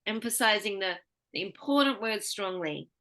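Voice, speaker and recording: A woman speech pathologist giving a patient one-on-one pronunciation lesson, explaining slowly with examples. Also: mid-range voice, animated, pushed and bright.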